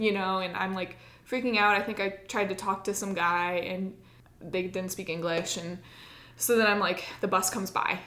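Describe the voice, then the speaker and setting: A woman's voice: medium pitch, fairly even intonation, normal speed, pushed and bright, reverberant. A woman on a podcast telling a personal story in casual chat, full of "like" and acting out her own past lines. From United States. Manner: chatty, many likes, acts out her own past lines. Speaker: podcast co-host.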